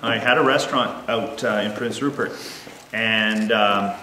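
Recorded from a distance in the echoey hall of a large unfinished building, a man who owns a brewery chats eagerly in a casual interview, using lots of fillers. His fairly low voice is unhurried, bright and forceful, with a little hiss or hum.

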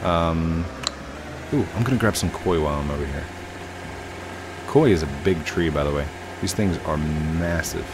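Deep-voiced man chatting over gameplay. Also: normal speed, pauses often, background noise. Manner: chatty, rambling, hums and self-corrects. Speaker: gaming channel host. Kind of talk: casual gameplay commentary. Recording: game music under voice.

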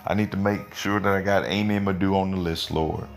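A man's voice: steady tone, a little fast, vocal fry, soft background music. A man from Oklahoma leading a fervent live prayer, repeating phrases and answering viewers' requests. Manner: fervent, repeats phrases, rises in pitch when pleading. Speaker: prayer leader.

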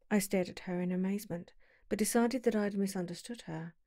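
A woman narrating an audiobook in a calm, measured storytelling voice on a close mic. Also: medium pitch, dry recording.

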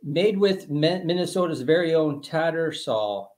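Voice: mid-range voice, lively intonation, a little slow, a little mellow. A product review host chatting on a casual livestream, laughing often and reading packaging aloud.

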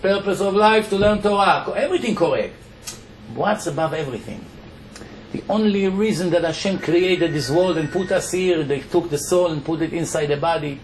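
A man with an Israeli accent lectures on the Torah as a rabbi, his voice sitting high and forceful. He presses his points with short rhetorical questions and answers them himself. The sound is roomy and echoey, with faint noise underneath. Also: moderate pace. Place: lecture hall.

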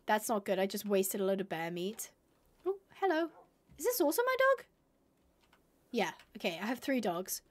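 A woman's voice: sits high, fairly bright tone. A young woman streaming a game live, chatting to viewers and gushing and squealing over cute animals.

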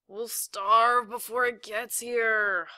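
A woman voicing an easygoing seventh-grade boy with a wry, low-key manner in a read-aloud story. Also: big pitch swings, measured pace, sharp tone, no room sound.

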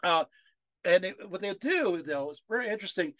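Male lecturer on a video call, high-pitched, emotional, prone to restarts and rhetorical questions. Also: animated, brisk, fairly bright tone, dry recording. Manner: emotional, chokes up while reading quotes; many fillers and restarts, asks the audience rhetorical questions.

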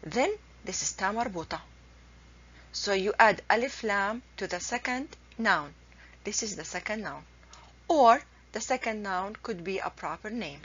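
A woman teaching a language lesson, patiently repeating each example slowly and carefully. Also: mid-range voice, lively intonation, a bit bright, breathy edge. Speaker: Arabic teacher. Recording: dull lo-fi recording.

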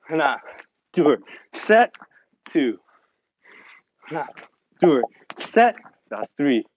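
A man's voice: mid-range voice, no echo, muffled recording. Give me a man leading an online workout, counting reps. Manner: encouraging, counts reps mixing English and Korean. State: out of breath. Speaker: fitness instructor. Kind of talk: online exercise class instruction.

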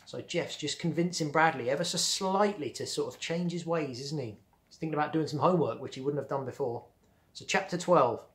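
A male primary teacher slowly reading a children's novel aloud, with friendly asides to his pupils. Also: on the high side. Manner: slow, clear storytelling with friendly asides. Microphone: home or classroom video recording.

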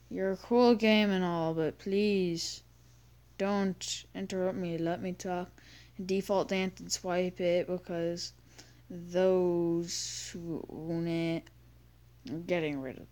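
A woman's voice: fairly low pitch, a little mellow. A teenage girl giving rambling, self-mocking commentary over her gameplay, with sudden screams and sing-song humming. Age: teens. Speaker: gaming YouTuber.

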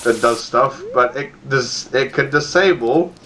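A man giving casual, playful let's-play commentary, chatty and quick to laugh. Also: mid-range voice, bright, forceful tone, poor audio. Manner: chatty, playful, laughs often and puts on silly voices.

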